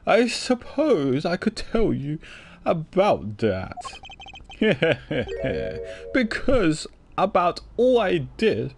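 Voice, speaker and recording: Casting: a man voicing a haughty game ambassador, slow and high-pitched, held a bit back from the mic. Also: very animated, creaky, slight background noise, heavily acted. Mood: lofty. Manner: slow, drawn-out, lofty delivery.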